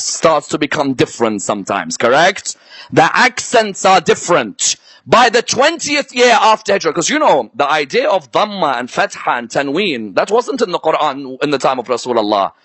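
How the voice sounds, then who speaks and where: Guy lecturing a crowd, high voice, dry close sound, always asking "yes?". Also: fairly bright tone, dry recording. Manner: checks in with the audience through rhetorical questions. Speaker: lecturer on Islamic history. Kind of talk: live religious lecture. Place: lecture before a live audience.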